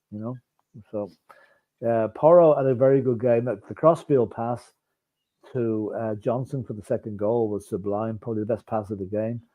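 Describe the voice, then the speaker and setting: Opinionated man over a tinny line. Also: medium pitch. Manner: opinionated, gives player ratings. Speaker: podcast co-host, football pundit. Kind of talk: casual fan podcast chat.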